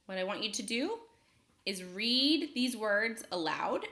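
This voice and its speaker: A woman teaching a phonics lesson to young children, speaking slowly and clearly and pausing for them to answer. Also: mid-range voice, sing-song, pushed and bright, roomy sound. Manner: slow, clear, patient teacher talk with pauses for students.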